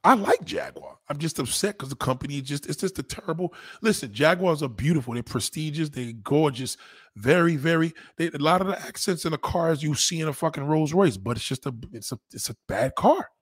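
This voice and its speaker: A husky-voiced man speaks a little fast in a dry, studio-quality recording. As a livestreamer going through viewer comments, he mocks one in a heated, profane rant and repeats himself for emphasis. His manner is animated, and indignation sends his pitch jumping up.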